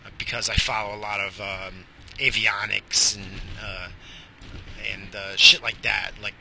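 A man's voice: on the low side, flat delivery, measured pace, creaky, sharp tone, a little hiss or hum. A middle-aged man hosting an internet radio show, rambling alone in a goofy, profane, self-mocking way. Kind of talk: rambling solo monologue.

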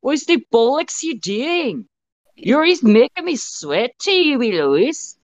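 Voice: high voice, very animated, slow, no room sound, voice pushed up, heavily acted. A podcaster putting on a fussy, sweaty new alter with an exaggerated mock Scottish accent, drawn out in parody, in slightly muffled podcast audio. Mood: mock whiny.

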